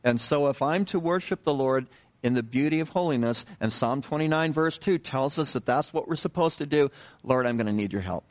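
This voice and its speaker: A pastor with a fairly high-pitched voice preaches his sermon conversationally, taking his time. He repeats himself, fills pauses, restarts sentences, and puts questions to the congregation.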